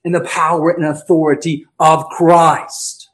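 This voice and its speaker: A male pastor preaching an emphatic sermon, slowing down and swinging between loud stresses and quiet asides. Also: a little high, flat delivery, rough recording. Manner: emphatic preaching with dramatic pauses and swings in volume.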